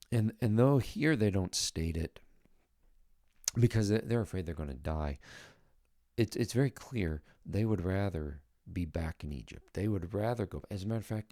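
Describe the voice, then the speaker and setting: A man with a deep, gravelly voice talks through a Bible passage in a relaxed, conversational way. He thinks aloud and presses on key words. The recording is close and dry. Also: no echo. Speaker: Bible teacher and podcast host. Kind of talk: casual spoken Bible teaching.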